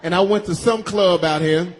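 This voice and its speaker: High-voiced man telling profane comic tales. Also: moderate pace. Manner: animated, profane, acts out the people in his story. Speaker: radio show host. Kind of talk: comic storytelling on a radio show.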